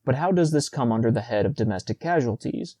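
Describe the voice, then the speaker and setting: A man reading Saint Peter, brisk old gatekeeper. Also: medium pitch, expressive, mellow, no echo, natural voice. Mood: urgent. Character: Saint Peter, elderly male gatekeeper, fussy.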